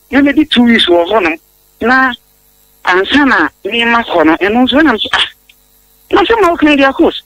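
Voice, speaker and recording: Give me a man pleading hesitantly on air, high for a man with a wide, swooping range. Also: fairly bright tone, no echo, poor audio. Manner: hesitant, pleading, stumbles over words. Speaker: accused guest. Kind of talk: defending himself on air.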